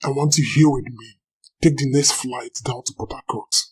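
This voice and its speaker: A man's voice: mid-range voice, steady tone, normal speed, husky, close to an everyday voice, poor audio. A man playing a smug, manipulative married boss who blackmails his employee. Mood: coercive. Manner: smug, threatening.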